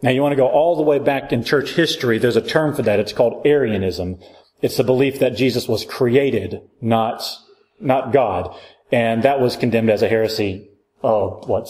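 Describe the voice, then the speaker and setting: Man, church Bible class teacher, conversational lecture, joking, questions to the class, medium pitch. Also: a little mellow.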